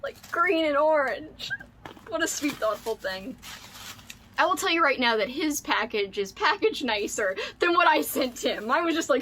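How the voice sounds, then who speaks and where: Excitable woman vlogger with a fairly high voice for a casual home unboxing chat. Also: normal speed, a little hiss or hum. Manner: gushing, excitable, squeals and laughs often.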